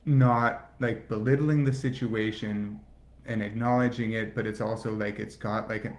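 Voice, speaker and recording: A man comedian in casual chat, halting and full of fillers like "like". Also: on the low side, steady tone. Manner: halting, filler-heavy, lots of "like". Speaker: comedian guest.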